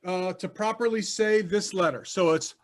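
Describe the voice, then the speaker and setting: A man with a high voice speaks at a normal pace while teaching a Hebrew class over video call. He is patient, repeating himself and often checking that students are following.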